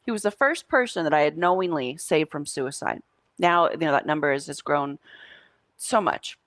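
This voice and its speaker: A woman's voice: low voice, lively intonation, moderate pace, a bit bright, no room sound, clean studio sound. A woman teaching a coaching class, talking casually and telling stories to her students. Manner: casual, storytelling, says y'all. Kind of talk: live coaching class talk.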